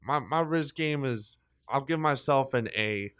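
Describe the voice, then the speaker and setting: Chill guy w a deep voice, laid back, kinda steady, dry mic. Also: a little slow, no room sound. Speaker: podcast guest. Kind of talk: casual chat.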